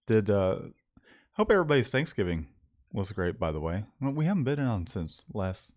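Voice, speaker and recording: A man hosting a casual live stream from a screen printing shop, relaxed and laughing often. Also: on the low side, moderate pace. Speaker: host.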